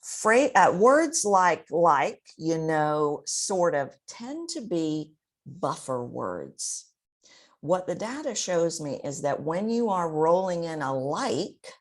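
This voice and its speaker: A woman with a notably low voice gives expert advice as a voice coach. She talks expressively and often demonstrates the techniques she describes. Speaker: voice coach guest.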